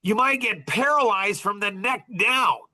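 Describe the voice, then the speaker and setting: A man's voice: sits high, animated, unhurried, pushed and bright. A man hosting a podcast, talking in a rambling, emphatic monologue full of fillers. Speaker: podcast host. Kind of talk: casual monologue.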